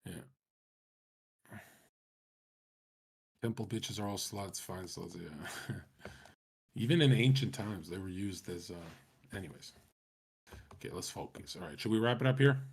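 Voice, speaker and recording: A man's voice: deep voice, expressive, slow, vocal fry, long pauses, slightly rough. A man talking casually to his stream chat, rambling and swearing, with many restarts.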